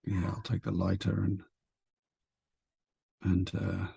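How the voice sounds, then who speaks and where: A man playing a tabletop horror game, speaking in a hesitant, low-key way. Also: completely flat delivery, slow pace, vocal fry, mellow, husky, dry recording. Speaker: player. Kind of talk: in-character tabletop play.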